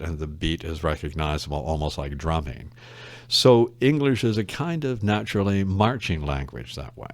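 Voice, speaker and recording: Recorded with no room sound, a low-pitched man, an English literature professor, is a guest in a casual podcast interview. His manner is thoughtful and wry, and his explanations digress into side stories.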